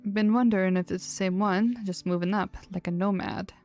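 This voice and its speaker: Woman doing a gruff innkeeper lady, brawny and blunt, put-on accent, dry curt replies, faint music behind. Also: mid-range voice, steady tone, normal speed, darkish tone, lightly acted.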